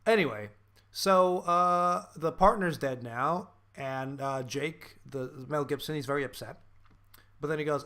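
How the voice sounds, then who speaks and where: A young man ranting about a terrible film on a casual podcast, his voice sitting a little high. He swears freely and mimics the characters as he goes. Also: moderate pace, sharp tone. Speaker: podcast co-host. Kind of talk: casual ranting movie review.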